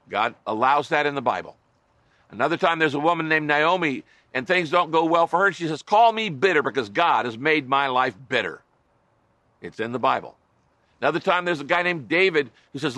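Earnest male pastor, bright dry voice. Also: a little high, animated, a little fast, no room sound. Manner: earnest, conversational preaching with wry asides. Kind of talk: sermon.

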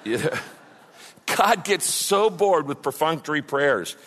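A man preaching a sermon as a pastor, with impassioned delivery that swings from loud cries to mocking mumbles. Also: on the high side, expressive, measured pace, a faint crowd. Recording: long hall reverb.

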